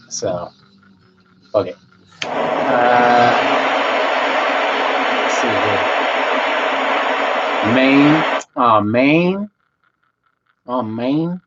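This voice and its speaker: A man's voice: fairly low pitch, fairly even intonation, slow pace, pauses often, very noisy. A man hosting a casual livestream from home, rambling in a laid-back way and reading viewers' chat aloud. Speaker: livestream host. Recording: slightly muffled, faint music behind.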